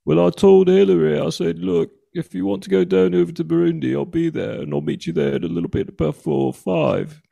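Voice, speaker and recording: A man's voice: on the high side, lively intonation, a little fast, gravelly, few pauses, dark tone, voice pushed up, exaggerated voice. A man doing a chatty faux-English ex-president. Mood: folksy. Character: former male president, as a put-on English-accented impression.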